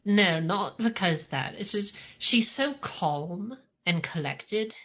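A woman's voice: mid-range voice, expressive, slow pace. Wry, joking woman chatting. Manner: wry, joking, swears casually. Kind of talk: casual chat. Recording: dull lo-fi sound.

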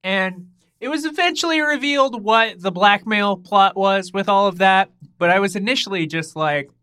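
A man co-hosting a casual podcast chat, bantering in an animated, mock-outraged way. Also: high voice, moderate pace, smooth, no room sound, clean studio sound. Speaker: podcast co-host.

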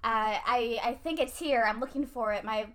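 Bright, high-voiced young woman chatting. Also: moderate pace. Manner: chatty, laughs often, many likes. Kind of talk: casual chat recapping a movie.

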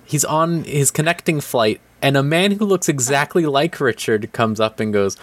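A man's voice: medium pitch, animated, moderate pace, hardly any pauses. A man in casual chat, animatedly retelling a show's plot and acting out the characters' lines. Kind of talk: casual chat recapping a show.

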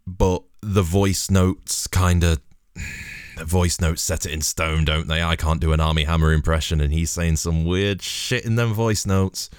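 A man's voice: rumbling low, dry recording, studio quality. A man delivering a rambling, sweary, sardonic comedic monologue in a casual style.

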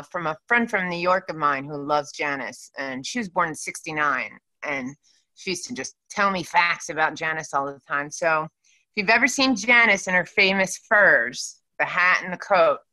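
A woman's voice: lowish voice, sharp tone, no echo, poor audio. A woman co-hosting a casual chat, telling stories and reacting with jokes. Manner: jokey, storytelling, quick reactions.

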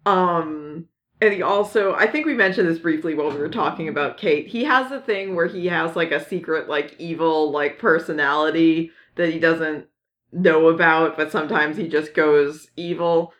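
A woman's voice: deep voice, normal speed, dull audio. A woman co-hosting a casual podcast chat, rambling with many fillers and restarts, often giggling. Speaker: podcast co-host. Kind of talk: casual chat about comics.

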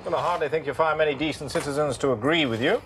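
A man plays a level-headed Victorian doctor from an old television drama, answering his friend with mild reproof. His delivery is plain and measured. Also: on the high side, fairly bright tone, a little hiss or hum, natural voice. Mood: reproving. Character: sensible Victorian doctor companion, mildly reproving. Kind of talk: 1980s television drama acting.

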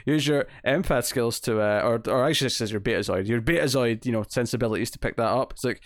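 A man's voice: mid-range voice, fast, no echo, clean studio sound. A man co-hosting a podcast. He chats casually and rambles, with many fillers and restarts. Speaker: podcast co-host. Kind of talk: casual chat.

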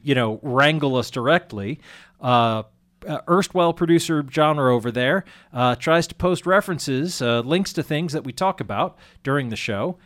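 A man hosts a community radio talk show from the studio, his voice sitting at an ordinary middle pitch. He rambles through the announcements with lots of fillers and pokes fun at himself. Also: fairly bright tone. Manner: rambling, self-deprecating, many fillers. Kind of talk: casual radio chat.

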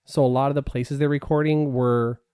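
A man's voice: medium pitch, steady tone, fairly quick, dark tone, clear, resonant tone, no room sound, clean studio sound. A man co-hosting a podcast, talking casually with many fillers and restarts. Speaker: podcast co-host. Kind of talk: casual chat.

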